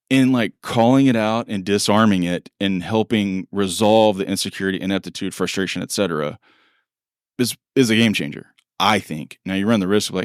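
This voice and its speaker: Animated low-voiced man telling stories. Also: normal speed, smooth, dry recording, clean studio sound. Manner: animated, acts out quoted dialogue, laughs often. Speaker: podcast co-host. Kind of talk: casual conversational storytelling.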